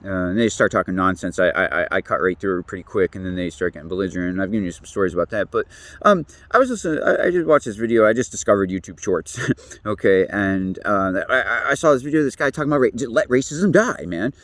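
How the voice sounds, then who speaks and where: A man's voice: low-pitched, animated, fast, a bit bright, dry recording. A man talking in a rambling, profane monologue as a podcast host, laughing often and swinging between loose musings and heated rants. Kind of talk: casual monologue.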